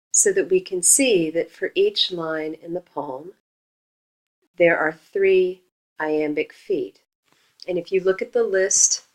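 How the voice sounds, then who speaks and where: A woman teacher slowly explaining the meter of a poem in a recorded lecture, stressing the beats as she scans. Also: low-pitched, poor audio. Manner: slow, deliberate explaining, stresses beats when scanning verse.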